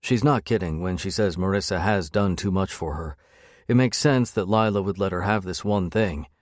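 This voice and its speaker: A man's voice: sits low, moderate pace, no echo, clean studio sound. A man narrating a first-person romance audiobook with a wry, sardonic edge. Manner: wry, sardonic inner monologue.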